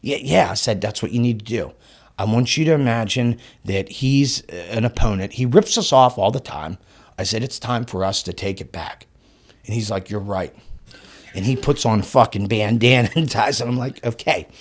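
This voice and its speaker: A man on a podcast as the guest, telling a story in an excitable way. He swears often, laughs mid-sentence and acts out the dialogue. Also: fairly low pitch, normal speed. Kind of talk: animated storytelling.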